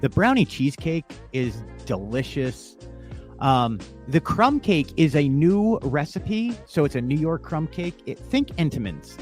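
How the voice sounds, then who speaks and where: A man co-hosting a podcast in casual chat, animated and chatty with frequent fillers. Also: fairly high pitch, measured pace, faint music behind. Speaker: podcast co-host.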